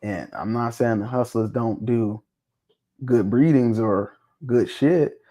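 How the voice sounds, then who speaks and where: Blunt, animated man talking dog breeding. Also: medium pitch, takes it slowly. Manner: blunt, swears freely, animated preaching tone. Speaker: podcast host. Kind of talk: casual talk show discussion.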